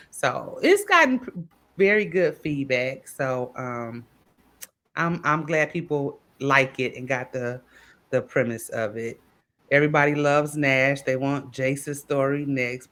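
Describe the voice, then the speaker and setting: A woman author, chatting casually and telling stories with lively acted-out quotes. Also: extremely low pitch. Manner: animated storytelling with voiced quotes. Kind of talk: casual panel chat.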